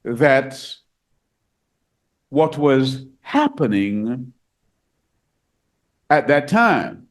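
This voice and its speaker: A man preaching a sermon, reading scripture aloud and explaining it, repeating key phrases and rising higher and louder for emphasis. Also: big pitch swings, very slow, long pauses.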